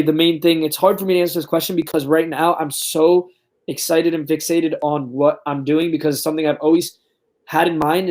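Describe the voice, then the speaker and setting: Young male guest, earnest and eager, speech full of fillers, slightly high pitch. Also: a little mellow. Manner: earnest, enthusiastic, uses filler words like "like" and "um". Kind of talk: casual interview chat.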